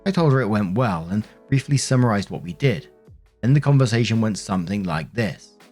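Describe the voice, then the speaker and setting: A man with a fairly low voice reads online stories and then muses on them in a loose, conversational way, dotted with "you know" fillers. Soft music plays quietly underneath his narration. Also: lively intonation, brisk, breathy edge. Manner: conversational, reflective, many fillers. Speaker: narrator and commentator. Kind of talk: reading online stories with commentary. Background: faint background music.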